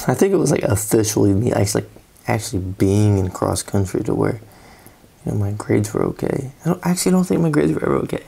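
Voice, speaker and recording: A man's voice: lowish voice, vocal fry, dark tone, breathy edge. A sleepy man chatting in a rambling, offhand way about his drawing as he works. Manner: rambling, drowsy, lots of fillers and trailing thoughts. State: sleepy, yawning. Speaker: artist doing doodle commentary. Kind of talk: casual rambling commentary while drawing.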